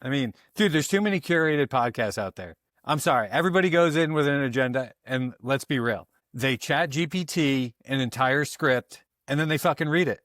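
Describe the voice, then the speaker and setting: A man co-hosting a podcast in casual chat, trading dry, joking asides and reading a quick plug. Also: mid-range voice, animated, a bit bright, no room sound. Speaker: podcast co-host.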